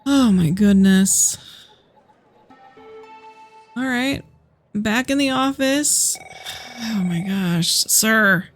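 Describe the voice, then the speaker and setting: A woman streaming a mystery game, jumpy and excitable, easily spooked as she plays. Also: medium pitch, very slow, pauses often, faint music behind. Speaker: gaming streamer. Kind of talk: let's play commentary.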